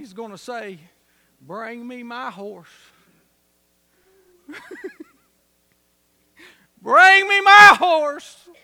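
A man preaching a folksy sermon, swinging from soft, low asides to loud shouts. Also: vocal fry.

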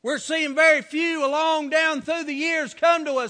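Fiery preacher with a high, bright voice. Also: male voice, fairly even intonation, moderate pace, few pauses, in a large hall. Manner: fiery revival preaching, swinging from hushed to shouting. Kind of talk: sermon. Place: church.

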